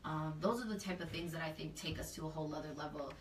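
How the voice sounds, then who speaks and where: A woman's voice: sits low, quick pace, recorded from a distance, a little hiss or hum. A woman community organizer in a casual interview, speaking earnestly and loosely with lots of fillers. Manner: earnest, talks freely with many fillers. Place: indoor room, livestream. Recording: echoey room, off-mic.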